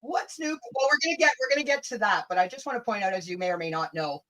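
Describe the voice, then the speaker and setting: A woman co-hosting a livestream in a loose, joking way. She swears freely and jumps between topics with an easy, mid-pitched voice. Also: very animated, fast, a bit bright. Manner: chatty, swears freely, jokey. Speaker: livestream co-host. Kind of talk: casual livestream chat.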